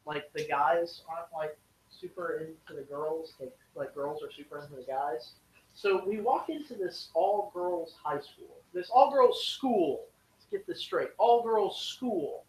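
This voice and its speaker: A woman's voice: low-pitched, expressive, normal speed, a little mellow, distant mic. A woman telling travel stories to a group in a chatty, casual way, full of fillers. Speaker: student speaker sharing travel stories. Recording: echoey room, faint hiss.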